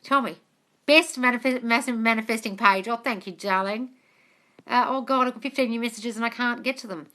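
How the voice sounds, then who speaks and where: A woman's voice: fairly high pitch, fairly quick, sharp tone. An Australian woman answering questions on a live stream as a manifestation coach, chatty and casually swearing, calling her listeners darling.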